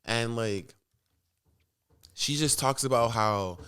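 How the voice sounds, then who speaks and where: A man's voice: medium pitch, takes it slowly, a bit bright. A young man rambling through a personal story in a casual vlog, swearing often and jumping between thoughts. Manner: rambling, profane, restless storytelling. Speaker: vlogger.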